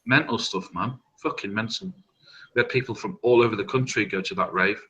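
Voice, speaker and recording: A man, telling rambling, halting party stories with a lot of swearing in an open online hangout. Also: lowish voice, bright, forceful tone, dull audio. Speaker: hangout participant. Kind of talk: casual storytelling.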